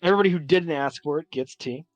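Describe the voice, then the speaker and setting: A man's voice: fairly high pitch, no room sound, muffled recording, soft background music. Man narrating as a tabletop game master. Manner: descriptive, measured narration with pauses to think.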